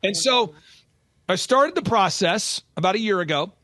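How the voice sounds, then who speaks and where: A man's voice: sits high, expressive, moderate pace, bright, forceful tone, no room sound. A man talking as a business coach on a podcast, emphatic and urgent, repeating key lines for stress. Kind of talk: motivational podcast talk.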